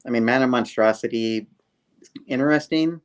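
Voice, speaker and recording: A man's voice: medium pitch, normal speed. A man co-hosting a casual comic book review, retelling the story animatedly and laughing often. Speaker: co-host.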